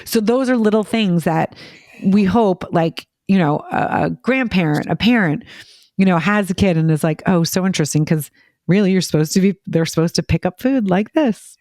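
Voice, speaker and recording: A woman chatting casually as a parent on a podcast, telling quick, filler-heavy stories and acting out what people said. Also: on the low side, lively intonation, a little mellow, no room sound, studio quality. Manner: rapid, filler-heavy storytelling, acting out quoted voices. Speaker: parent guest.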